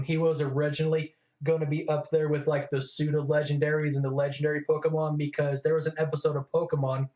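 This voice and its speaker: A man's voice: a little high, darkish tone. A man co-hosting a casual chat, talking eagerly and freely. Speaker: co-host. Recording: echoey room, dull lo-fi sound.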